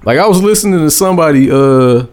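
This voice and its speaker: A man from the Midwest co-hosting a podcast, chatting in an animated, profane way, with laughter breaking between his phrases. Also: fairly high pitch, fast talker. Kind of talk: casual chat.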